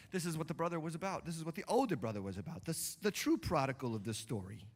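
A man preaching a sermon as pastor, moving between quiet, hushed asides and loud, emphatic preaching. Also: on the high side, lively intonation, fast, few pauses. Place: church sanctuary. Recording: church hall with long reverb.

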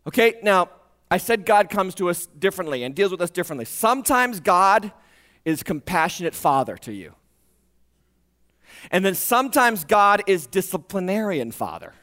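A man preaching a sermon, animated and jokey, acting out voices and alarm-clock beeps. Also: sits high, normal speed. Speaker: pastor.

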